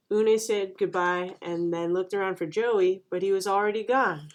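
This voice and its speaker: A woman reading a children's picture book aloud in a clear, even narration. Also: mid-range voice, moderate pace, few pauses. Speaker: storyteller.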